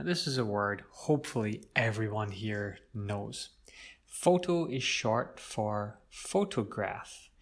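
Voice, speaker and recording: A man teaching an English vocabulary lesson, speaking clearly and drawing out words to show their pronunciation. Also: fairly low pitch, a bit bright. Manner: slow, clear, stretches words to model pronunciation.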